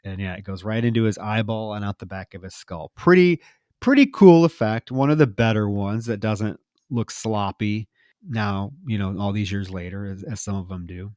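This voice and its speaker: A podcast co-host with a lowish voice casually recaps a film scene by scene at a normal speed, animatedly retelling it and acting out the characters' lines as he goes. The sound is clean studio quality with no echo.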